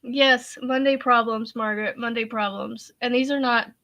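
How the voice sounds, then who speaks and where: Chatty woman host with a high, bright voice, giggling through tears, calls everyone y'all. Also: steady tone, moderate pace. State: laughing to tears. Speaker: crochet livestream host. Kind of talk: casual livestream chat.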